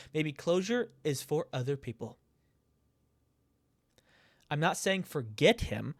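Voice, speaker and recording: A man talking through a game he is playing, reading the chat messages aloud in a casual, conversational way. His voice sits a little high for a man and sounds close and dry, with no room echo. He reacts out loud as he goes, laughing and now and then swearing. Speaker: let's play gamer.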